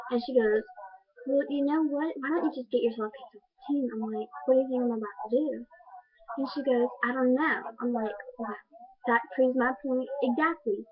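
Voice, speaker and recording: A woman's voice: high-pitched, moderate pace, a crowd in the background. A fifteen-year-old girl telling a story to her webcam in a chatty way, acting out both sides of the conversation and filling it with "like". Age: teenager, fifteen. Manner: chatty, quotes dialogue, many "like" fillers. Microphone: built-in webcam mic. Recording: tinny lo-fi webcam audio.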